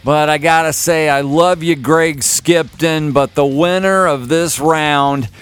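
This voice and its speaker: Slow-talking wry podcast host. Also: male voice, fairly high pitch, clear, resonant tone, faint music behind. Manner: relaxed, wry, unhurried. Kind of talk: casual podcast talk.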